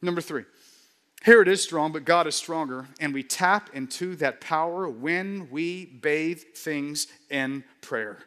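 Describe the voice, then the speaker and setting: A man pastor preaching a sermon with fervor, repeating words and swinging between loud declarations and hushed murmurs. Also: fairly high pitch, measured pace, in a large hall. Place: large church hall.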